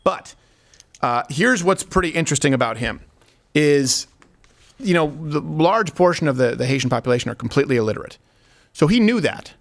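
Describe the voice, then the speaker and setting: Man, talk show host, gravelly fry, somewhat high voice, joking, rambling. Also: lively intonation, brisk. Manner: joking, rambling, laughs at his own stories. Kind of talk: comedic political talk show.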